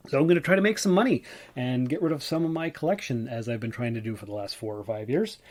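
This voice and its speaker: Hosting a casual solo podcast, a tired, yawning man from Ontario, Canada rambles chattily with many fillers. His mid-range, darkish voice is animated and fast.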